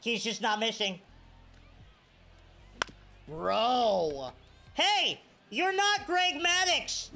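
A young man giving live commentary over his own gameplay, swinging from quiet mutters to sudden shouts. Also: extremely high pitch, very animated, extremely slow, pauses often, soft background music. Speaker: gaming video creator.

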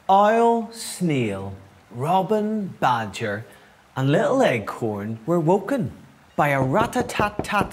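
A man reading a children's story aloud in an expressive, unhurried way. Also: on the high side, slightly rough.

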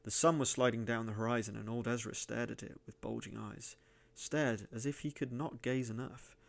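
Gravelly man reading a dark tale. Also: mid-range voice, steady tone. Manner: measured, rising to loud declaiming. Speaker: reader and gaming channel host. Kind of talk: dramatic story reading.

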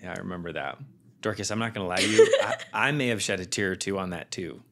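A man's voice: deep voice, lively intonation, quick pace, fairly bright tone. A man hosting a casual interview, asking questions in a supportive, conversational way. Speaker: host, former dean.

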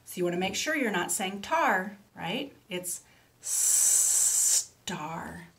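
A woman teaching speech to children, reading a picture book aloud slowly and clearly and pausing so they can repeat words. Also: animated, a bit bright. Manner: animal sounds with big jumps in pitch.

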